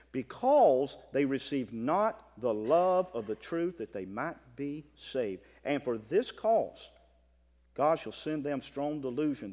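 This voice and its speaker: A man preaching a sermon as pastor, swinging from impassioned near-shouting to calm scripture reading. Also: medium pitch. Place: church. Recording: long reverb of a church hall.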